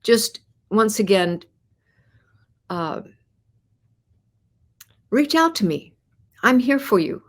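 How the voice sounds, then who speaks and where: A woman's voice: medium pitch, sing-song, very slow, long pauses. A woman hosting a live podcast, talking to viewers and asking them many encouraging questions, often repeating words and restarting her phrases. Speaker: host.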